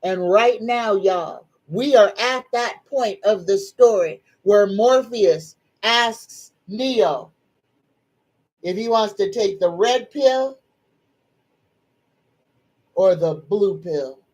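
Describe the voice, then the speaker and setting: A middle-aged woman hosts a casual livestream, speaking very slowly. She greets viewers in a folksy, drawn-out way and addresses them as a group. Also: medium pitch, darkish tone, rough recording. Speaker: psychic livestream host. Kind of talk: casual live-stream chat.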